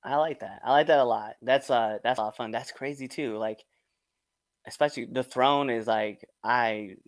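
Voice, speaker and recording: A man's voice: mid-range voice, normal speed, dry recording. Chill podcast host guy, lots of likes and uhs, dry close sound. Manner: relaxed, enthusiastic, filler-heavy. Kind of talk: casual podcast interview.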